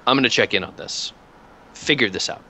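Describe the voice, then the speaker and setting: A man voicing a gruff, commanding inquisitor who talks in a brusque, impatient, profane way. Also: mid-range voice, fairly quick, pushed and bright. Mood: dismissive.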